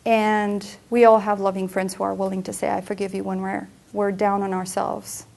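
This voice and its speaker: A woman's voice: medium pitch, creaky. A woman coach giving a presentation talk, telling personal stories in an earnest way. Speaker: emotional health coach. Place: center for women presentation room.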